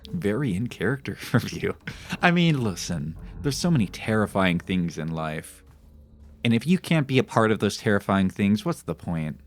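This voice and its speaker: A man's voice: lowish voice, moderate pace. A young man chatting casually on a live game stream, rambling and reacting jumpily. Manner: animated, jumpy reactions, rambling anecdotes.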